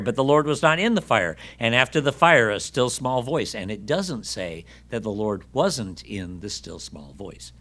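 Bright-voiced man preaching a sermon. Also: medium pitch. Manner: reads scripture aloud and acts out its voices, asking the listeners questions.

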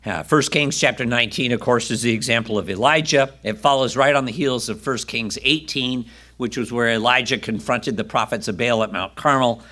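Male preacher, bright forceful tone, reads scripture then chats with the congregation. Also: medium pitch, brisk. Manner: conversational asides to listeners. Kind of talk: sermon with Bible reading.

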